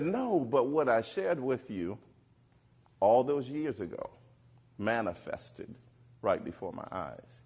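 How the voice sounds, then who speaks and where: Animated middle-aged man telling a story. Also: mid-range voice. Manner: animated storytelling, acts out quoted voices and whispers. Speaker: keynote speaker. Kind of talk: storytelling talk on stage. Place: stage before a live audience.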